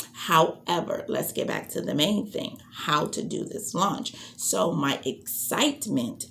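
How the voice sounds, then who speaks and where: A woman's voice: lowish voice, creaky, a little hiss or hum. A woman business trainer teaching how to launch a business, acting out sample greetings and introductions as she goes.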